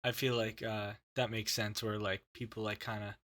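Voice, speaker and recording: A man co-hosting a podcast in a loose, casual chat. His voice is bright and forceful, and his speech is halting, with plenty of fillers and restarts. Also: fairly low pitch, flat delivery. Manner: halting, filler-heavy, laughs often. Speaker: podcast host.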